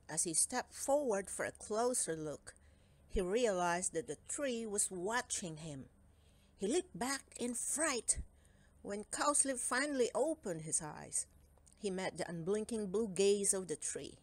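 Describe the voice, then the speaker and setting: A woman reading a children's storybook aloud in a slow, expressive narration, with faint music behind. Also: mid-range voice. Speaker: storybook reader.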